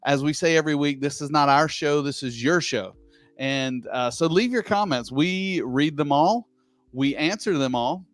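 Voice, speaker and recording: A man with a Southern US accent co-hosting a live show, chatting casually in a rambling, self-deprecating way with frequent halting restarts. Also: a little high, dry recording. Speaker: co-host.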